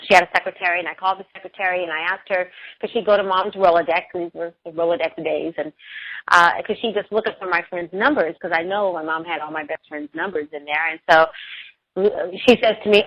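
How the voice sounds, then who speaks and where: A woman's voice: on the low side, a little fast, no echo, highs cut off. A middle-aged woman, a radio show guest, telling a personal story in an earnest, emotional way.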